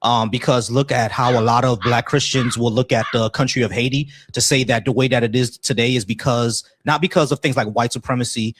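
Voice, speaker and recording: A man's voice: medium pitch, steady tone, a little fast, few pauses, fairly bright tone. A man hosting a casual call-in debate stream, blunt and argumentative. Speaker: host.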